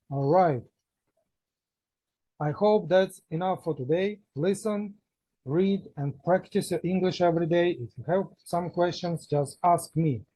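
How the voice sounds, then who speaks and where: A man's voice: high voice, a little slow, long pauses, dark tone, husky, no echo, rough recording. A man teaching an English grammar lesson, patiently explaining step by step and repeating examples.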